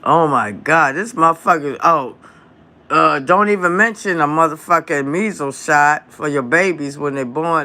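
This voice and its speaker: A man hosting a live stream from home, talking in a heated, profane, drawn-out rant into his phone. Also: a little high, sharp tone. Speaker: livestream host.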